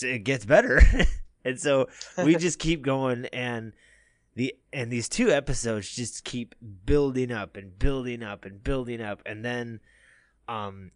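A podcast co-host chats casually, telling a long story packed with fillers, restarts, and easy laughter. His voice is medium-pitched, and the recording is studio quality with no echo.

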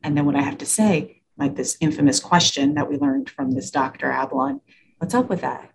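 A woman's voice: very deep voice, fairly quick, creaky, slight background noise. A woman talking about working with kids and parents in a casual interview, acting out the exchanges she describes. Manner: animated storyteller, acts out quoted exchanges. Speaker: school administrator and parenting educator.

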